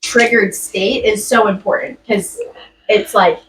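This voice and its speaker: A woman's voice: mid-range voice, steady tone, unhurried, a bit bright, reverberant, recorded from a distance, a little hiss or hum, poor audio. A young woman in a class, telling a personal story in a chatty way with many fillers and laughs. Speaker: student sharing a story.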